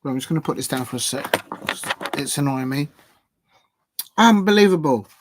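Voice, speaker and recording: A man with a South London English accent hosts a football watch-along stream, talking fast in a medium pitch with little pitch movement over a noisy background. His casual live-stream chat rambles, and he mutters to himself while typing.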